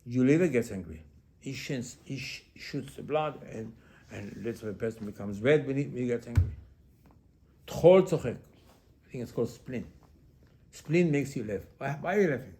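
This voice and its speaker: Delivering a rabbi's sermon, this man speaks in an expressive, mid-range voice at a normal speed. He asks and repeats rhetorical questions, mixes Hebrew religious words into English, and moves between quiet asides and forceful statements over faint background noise.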